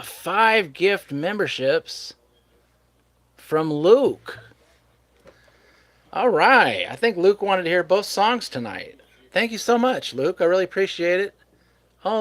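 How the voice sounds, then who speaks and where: A man's voice: high voice, sharp tone, dry recording. A man hosting a live stream, chatting casually with his viewers and chuckling often. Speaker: livestream host.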